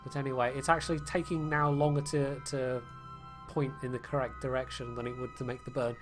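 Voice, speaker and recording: A British man chatting casually while he streams a game, wandering from thought to thought with plenty of ums and uhs. His humour is dry and self-deprecating, and his pitch sits in an ordinary middle range. Faint music plays quietly behind him. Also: level tone, a little fast. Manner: rambling, wry and self-deprecating, with many fillers. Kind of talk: casual livestream gameplay commentary.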